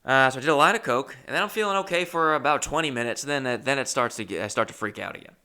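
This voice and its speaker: A male comedian telling a story with profane, animated anecdote-telling. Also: mid-range voice, rapid-fire, clean tone.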